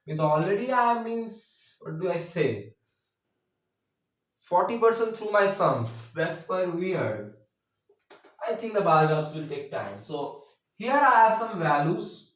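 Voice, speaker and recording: Talking students through math in a chatty, joking way, this teacher keeps dropping "means" as a filler. His slightly high male voice is animated and a bit bright, moving at a measured pace. The mic sits some way off in a very echoey room.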